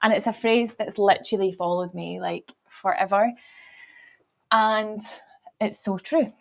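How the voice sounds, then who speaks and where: Young woman w a soft glaswegian accent rambling on her own podcast, chatty, keeps restarting lines, laughs here and there. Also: mid-range voice, steady tone, measured pace, gravelly. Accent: mild Glaswegian Scottish. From Glasgow, Scotland. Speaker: podcast host. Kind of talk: solo podcast monologue.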